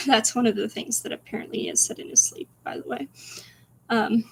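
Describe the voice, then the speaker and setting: A woman streamer reading her own spooky story aloud, soft and whispery, with giggly asides to chat. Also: fairly high pitch, normal speed, gravelly, a little hiss or hum.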